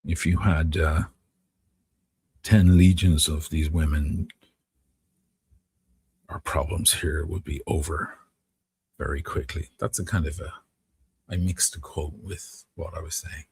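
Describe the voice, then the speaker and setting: A man's voice: very deep voice, fairly even intonation, takes it slowly, long pauses, a little mellow, a little hiss or hum. A middle-aged man from Dublin with a Dublin Irish accent, telling rambling, profane stories and answering viewers on a live stream. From Ireland. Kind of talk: casual live-stream storytelling.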